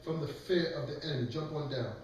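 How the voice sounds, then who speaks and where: A man's voice: a little high, fast talker, a little mellow. A man preaching and leading a scripture class, lecturing emphatically and calling on others to read. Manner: emphatic, lecturing, calls for readings. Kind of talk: preaching sermon. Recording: echoey room, mic far off.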